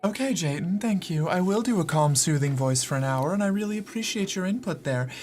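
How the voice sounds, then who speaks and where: A man's voice: sits high, animated, a little fast, a little mellow. A man streaming live from home, chatting casually with his viewers in a sarcastic, exasperated way and swearing now and then. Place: home room.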